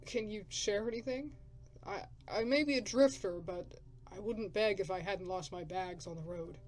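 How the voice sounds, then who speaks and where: Gruff, grumbling male scavenger in a game, read by a woman, blunt and coarse, mid-pitched. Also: moderate pace, darkish tone, faint music behind, close to an everyday voice. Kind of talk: reading game dialogue aloud.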